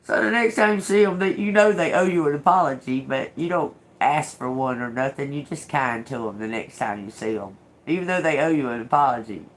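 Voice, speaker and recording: A woman's voice: extremely low pitch, fairly quick. A woman doing a casual tarot reading, talking emphatically, swearing freely, laughing often and repeating herself for stress. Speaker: tarot reader.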